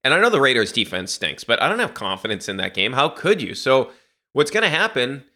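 A man's voice: medium pitch, brisk. A man hosting a sports podcast, talking bluntly and animatedly about his team. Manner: blunt, animated, laughs while ranting. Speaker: podcast host. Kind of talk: casual sports talk.

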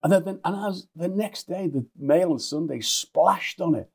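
A man's voice: high voice, normal speed, gravelly, crowd noise. A man, a guest journalist in a casual chat, chuckling and often restarting his sentences.

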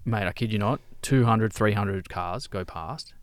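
Low-voiced Australian man telling a lively story. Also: unhurried, no echo, studio quality. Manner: animated storyteller, matey slang. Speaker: podcast co-host. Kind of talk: casual chat.

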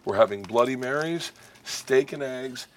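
A man hosting a casual cooking chat, excitable and swearing freely while he makes drinks and breakfast. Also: medium pitch, unhurried. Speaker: host. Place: indoor kitchen set at an arena.

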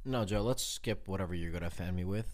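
A man's voice: low voice, fast. A young man co-hosting a podcast, chatting casually, swearing and laughing at himself as he tells stories. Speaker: podcast co-host. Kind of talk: casual chat.

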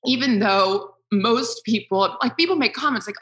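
A woman's voice: on the high side, normal speed, fairly bright tone, rough recording. A woman guest in an interview, speaking candidly and with self-deprecating humor, emotional at times. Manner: emotional, self-deprecating, talks through tears. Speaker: guest, sports broadcaster.

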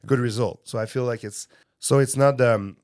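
A man's voice: mid-range voice, a little mellow, no echo, studio quality. A man from Quebec with a Quebecois French accent, a guest chatting casually and stopping often to find words, French being his first language. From Quebec, Canada. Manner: halting, searching for words, many fillers. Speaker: guest, pro snowboarder. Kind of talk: casual podcast chat.

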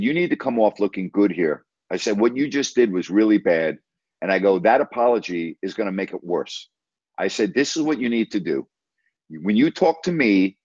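A former team broadcaster with a lowish, darkish, slightly rough voice tells a story in a casual interview. He speaks emphatically, retelling conversations line by line, and the audio is dry and slightly dull with no room sound.

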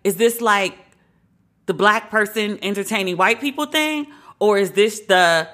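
A woman with a bright, forceful voice hosts a podcast in casual commentary. She talks candidly and conversationally, with strong opinions and the odd curse word. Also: mid-range voice, lively intonation, moderate pace. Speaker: podcast host.

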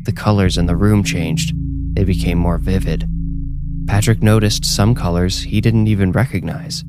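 A man with a very deep voice narrates a horror story in a steady, even way. Music plays clearly behind him. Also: normal speed.

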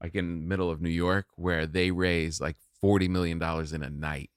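A middle-aged man, a comedian guest on a podcast, chatty and rambling and quick to laugh. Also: low-pitched, level tone, smooth, no room sound, clean studio sound. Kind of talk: casual podcast conversation.

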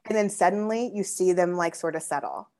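A woman speaking as a guest therapist in a casual interview, animated and laughing often. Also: fairly low pitch, brisk.

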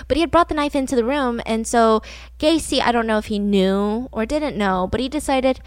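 A woman's voice: fairly high pitch, fairly quick, clean tone, no echo. A woman co-hosting a podcast, telling a true-crime story casually, filler-heavy and acting out the quotes. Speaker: podcast co-host.

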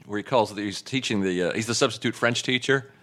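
A man co-hosting a podcast, asking long, halting questions and admiring the guest's work. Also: on the low side, sharp tone. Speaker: podcast co-host. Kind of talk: casual interview questions.

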